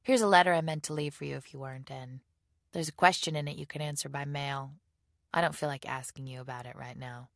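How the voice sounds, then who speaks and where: A woman reading out a young male college student in a storybook, easygoing and offhand. The voice sits low with a gravelly edge. The sound is dry and close. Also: steady tone, brisk, no echo.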